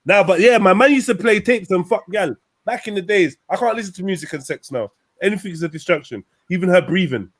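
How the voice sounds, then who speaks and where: Boisterous lively-voiced young man hosting. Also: fairly quick, hardly any pauses, no room sound. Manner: joking, boisterous storytelling with animated pitch swings. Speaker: show host. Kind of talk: crude casual banter.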